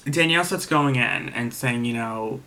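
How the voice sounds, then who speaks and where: A man's voice: medium pitch, normal speed, bright, forceful tone. Rambling man recapping a TV episode. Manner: rambling, many fillers and restarts; frank, swears freely. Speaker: TV episode reviewer. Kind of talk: casual episode recap and commentary.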